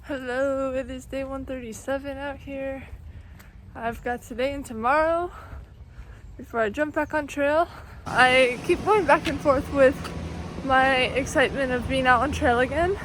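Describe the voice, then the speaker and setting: In a reflective, casual vlog, a young woman talks about her long-distance thru-hike, rambling thoughtfully with lots of "like" and "you know" and sounding near tears. Her high, fairly bright voice holds a steady tone at a measured pace, with a little hiss or hum in the audio.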